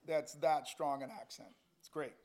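A man with a slightly high voice gives a relaxed Bible school talk to a room of listeners. He is chatty and joking, and he rambles through lots of ums and uhs before reaching his point. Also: moderate pace. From Canada. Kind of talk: informal Bible class talk.

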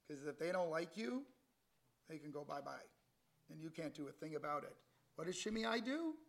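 A man's voice: a little high, very animated, normal speed, gravelly, fairly bright tone. A middle-aged man preaching a conversational Bible sermon, reading scripture with animation. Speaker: lay preacher.

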